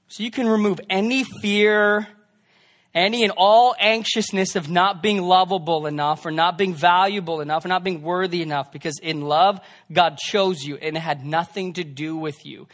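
High-voiced young pastor preaching conversationally. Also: male voice, steady tone, normal speed. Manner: conversational preaching, swings between loud emphasis and hushed asides. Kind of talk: sermon.

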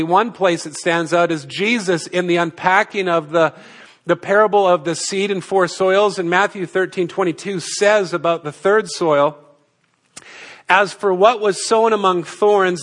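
A man with a fairly high voice preaches from the pulpit, explaining a passage verse by verse. He speaks in a measured teaching style and often stops to ask the congregation a rhetorical question before he answers it himself. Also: a bit bright. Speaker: pastor. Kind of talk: expository sermon.

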